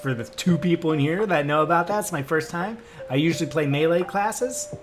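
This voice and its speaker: A young man hosting a casual livestream, his voice sitting a touch higher than most men's. He rambles through viewer comments with plenty of fillers and restarts, and soft music plays quietly behind him. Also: a little fast.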